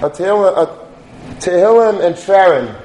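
A man's voice: high voice, lively intonation, normal speed, dark tone. A man giving an earnest Torah talk, telling a story and sprinkling in Yiddish and Hebrew words. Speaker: rabbi. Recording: echoey room with faint noise.

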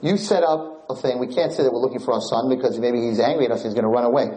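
A man voicing a shrewd queen who lays out a plan in a deliberate, persuasive way. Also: medium pitch, warm tone, roomy sound, slight background noise, lightly acted, low-quality recording. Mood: scheming.

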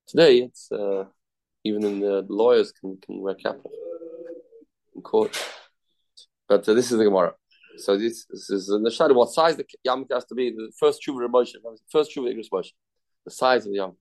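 A man's voice: fairly low pitch, gravelly, a little mellow. A man giving a Talmud class. He reads each passage aloud, then explains it in a conversational way. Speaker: Talmud teacher.

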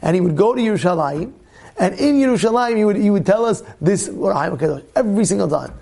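A man teaching a lively Torah class as a rabbi, animated, often acting out other people's voices and restarting his phrases. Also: high-pitched, creaky. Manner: animated, acts out quoted voices, many quick restarts.

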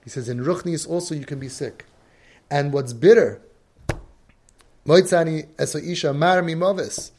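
A man's voice: a little high, normal speed, long pauses, a little mellow. Emphatic man giving a religious lecture. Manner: emphatic, acts out quoted voices. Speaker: parenting coach.

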